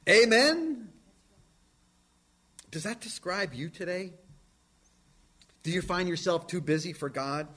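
Male pastor, high and lively voice, preaching with emphatic swings from loud to hushed. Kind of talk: sermon.

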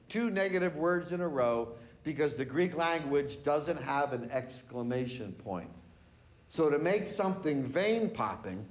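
A male pastor delivering a sermon in a high voice. He talks slowly and deliberately. He stresses single words to drive each point home. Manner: emphatic, teaching with pauses and stresses.

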